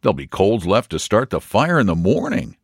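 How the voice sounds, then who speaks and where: A man's voice: on the low side, wildly swooping pitch, a little fast, slightly rough, no room sound, clean studio sound, heavily acted. A man voicing an earnest, agreeable young man who is a little drunk by the fire.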